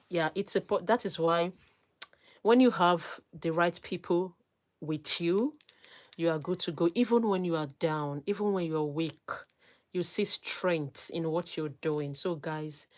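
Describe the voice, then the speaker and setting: A woman's voice: on the low side, a little slow. A woman hosting a casual live stream, reading out viewer comments and thanking them with emotion. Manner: reads out viewer comments and gives shout-outs.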